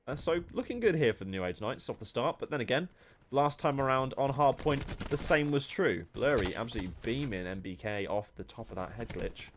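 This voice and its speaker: A young English man casting an esports match, joking between rounds and calling plays briskly. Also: mid-range voice, expressive, slight background noise. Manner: joking banter, then brisk play-by-play. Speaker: esports caster. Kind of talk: live match commentary.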